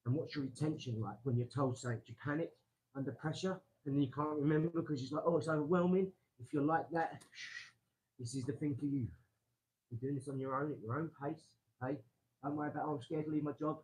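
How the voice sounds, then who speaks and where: A man hosting a casual live stream from his garage, rambling excitably and talking straight to his viewers. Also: medium pitch, fast talker, poor audio. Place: home garage.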